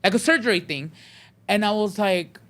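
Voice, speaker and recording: A young man guesting on a podcast, telling a story with lively impressions of other people and slipping Spanish words into his English. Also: high voice, moderate pace. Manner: animated storytelling, acting out other people's voices. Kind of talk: casual chat.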